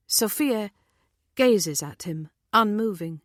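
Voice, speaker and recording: Slow, measured woman narrator. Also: fairly low pitch, no echo, clean studio sound. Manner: measured, even reading. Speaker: audiobook narrator. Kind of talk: scripted narration.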